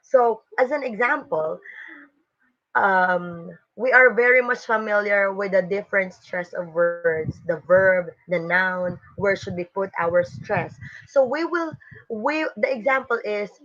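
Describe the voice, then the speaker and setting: A woman's voice: medium pitch, unhurried, a bit bright. A woman teacher, giving an online webinar lecture in an explanatory way with frequent fillers and restarts. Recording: dull lo-fi webinar audio.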